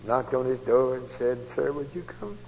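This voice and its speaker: A man telling his conversion story as a sermon, folksy and storytelling, jumping from loud outbursts to hushed asides. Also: mid-range voice, moderate pace, creaky. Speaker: preacher giving testimony. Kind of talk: testimony sermon. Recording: dull old tape recording in a large hall, faint hiss.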